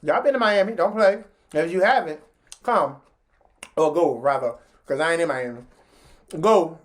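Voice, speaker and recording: A woman telling a story in a casual vlog, chatty and slangy, talking straight to her viewers. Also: moderate pace. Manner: animated, jumps into high pitch when acting out what people said.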